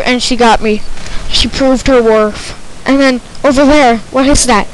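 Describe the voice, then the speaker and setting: A woman narrating her own gameplay in a let's play commentary, jittery and excitable, repeating herself when tense. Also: sits high, moderate pace, a little hiss or hum, low-quality recording.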